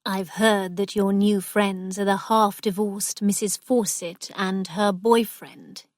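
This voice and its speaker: A woman's voice: mid-range voice, steady tone, slow pace, no room sound, clean studio sound, lightly acted. Woman reading a stern, angry clergyman father.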